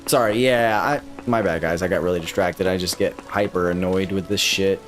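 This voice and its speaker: A male streamer talks to his chat while he plays, swearing freely and venting about getting stuck. His voice sits on the low side. Soft music plays under him. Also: steady tone, normal speed. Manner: profane, frustrated, talks to chat. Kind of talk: casual live gameplay commentary.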